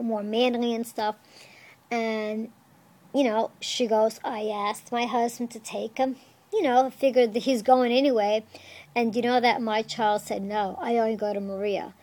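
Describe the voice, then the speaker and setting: A chatty woman with a slightly high voice talks casually from her own salon. She owns the salon and cuts hair, and she tells lively stories about her clients while offering business tips. She leans on "you know" often. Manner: chatty, lots of "you know", animated storytelling. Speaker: salon owner and hairstylist. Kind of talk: casual advice talk.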